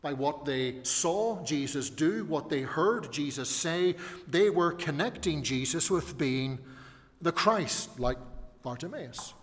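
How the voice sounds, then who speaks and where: A man's voice: a little high, animated, slow pace. A man preaching a sermon, earnest and emphatic, rising on his key phrases. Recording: long hall reverb.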